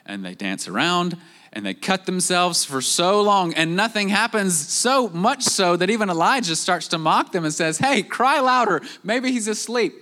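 A man preaching a sermon, jumping up in pitch to act out quoted voices and dropping to slow, quiet emphasis on key points. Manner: animated, acts out quoted voices with rising pitch. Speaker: pastor.

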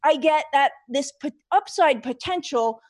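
A middle-aged woman with a somewhat high-pitched voice answers interview questions as a financial advisor. She explains her reasoning methodically, leaning on key figures with emphasis. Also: measured pace. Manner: walks through figures step by step, emphatic.

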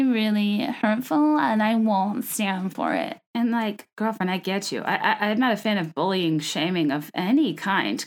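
A woman hosting a podcast, talking in a chatty, gossipy way with a wry, sarcastic edge. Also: on the low side. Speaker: podcast host. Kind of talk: casual chat.

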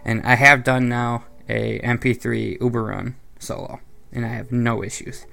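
A man's voice: medium pitch, flat delivery, moderate pace, creaky, pushed and bright. A young man co-hosting a casual gaming podcast, rambling with fillers and laughing often. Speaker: podcast co-host.

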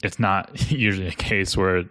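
A man's voice: sits low, fairly even intonation, moderate pace, a bit bright, no room sound, clean studio sound. A man hosting a podcast interview, talking in a casual, chatty way with fillers. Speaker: podcast host.

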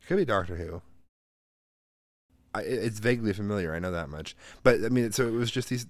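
A man in his thirties co-hosting a podcast, rambling through a story in a casual, animated way and jumping up high when he quotes people. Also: a little fast, no echo. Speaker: podcast co-host. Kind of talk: casual chat.

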